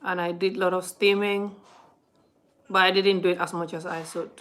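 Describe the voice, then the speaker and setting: Chatty woman vlogger, animated storytelling straight to camera. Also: on the low side, normal speed. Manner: chatty, talks a lot; animated retelling, often addresses viewers. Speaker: vlogger on a live stream. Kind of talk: casual storytelling chat.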